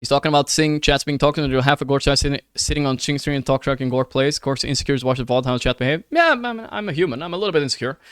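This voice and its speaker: A man's voice: mid-range voice, fast, few pauses, a bit bright, clean tone, dry recording. A man streaming live and ranting to his chat. He swears often, keeps asking "right?" and calls his listeners brother in an earnest, pleading way.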